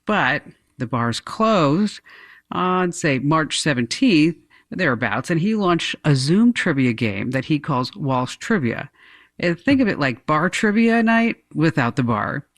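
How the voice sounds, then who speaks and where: A woman's voice: sits low, big pitch swings, takes it slowly. A woman radio host reading an ad in a chatty, playful way and interviewing a guest. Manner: chatty, playful, acts out little voices. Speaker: radio talk show host.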